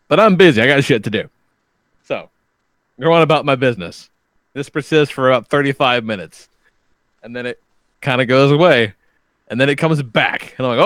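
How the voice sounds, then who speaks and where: A man's voice: medium pitch, normal speed, long pauses, fairly bright tone, no room sound, studio quality. A man in his thirties, a podcast co-host telling a long story in casual, profane chat and acting out both sides of the conversations. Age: 30s.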